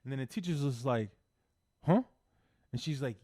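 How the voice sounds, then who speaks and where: A man co-hosting a podcast, excitedly retelling a TV episode in casual chat, acting out the characters and swearing freely. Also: medium pitch, moderate pace. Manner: animated storyteller acting out characters, heavy swearing. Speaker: podcast co-host.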